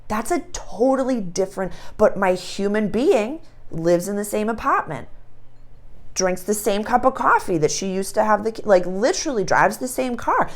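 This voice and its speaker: A woman hosting an astrology channel, talking in a casual, animated spiritual monologue and acting out little scenes. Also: medium pitch. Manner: animated storytelling, acts out voices.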